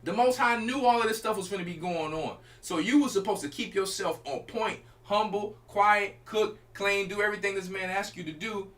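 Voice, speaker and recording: A man's voice: high voice, moderate pace, few pauses, fairly bright tone. A man preaching as a church elder, teaching an informal sermon in an emphatic, colloquial way and speaking straight to his listeners.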